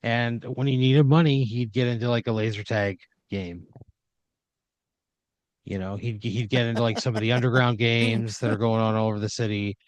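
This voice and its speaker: A man's voice: mid-range voice, fairly even intonation, moderate pace, no room sound. A man improvising a second-person story as a podcast storyteller, rambling with uhs and restarts.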